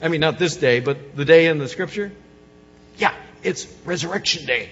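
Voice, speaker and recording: Man preaching a sermon, soft then loud, slightly high voice, long hall reverb, dull sound. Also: normal speed, husky. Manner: swings from soft coaxing to loud emphatic preaching. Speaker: pastor.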